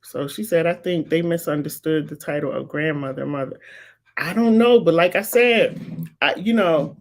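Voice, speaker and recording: A woman's voice: low-pitched, moderate pace. A woman, hosting a live commentary show and making her points with emphatic, repetitive insistence. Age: 50s. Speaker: talk show host. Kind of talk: live-streamed commentary answering viewers.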